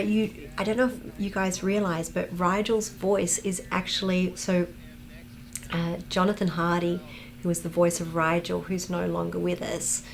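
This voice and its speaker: A woman's voice: vocal fry, slight background noise. Chatty woman hosting a live watch-along. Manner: chatty, reads out viewer comments, greets chatters in a high excited voice. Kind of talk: casual live-stream chat.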